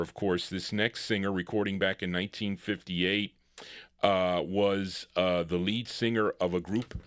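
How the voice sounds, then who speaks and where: Lowish-voiced guy dj chatting between records, rambly, lots of uhs, dry close sound. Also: no room sound. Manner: rambling, self-interrupting, lots of fillers. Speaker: radio-style show host and DJ. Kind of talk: live oldies record show patter.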